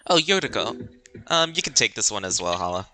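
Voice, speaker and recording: Giggly, animated man streaming a game. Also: fairly quick, slight background noise. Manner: animated, giggly, squeals up high when excited. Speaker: streamer playing a game with friends. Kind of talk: casual let's-play chat.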